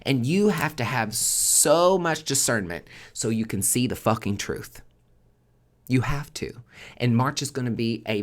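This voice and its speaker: A man's voice: medium pitch, a bit bright. A man hosting a monthly tarot forecast in a casual spoken monologue, swearing constantly and driving his points home with emphatic repetition.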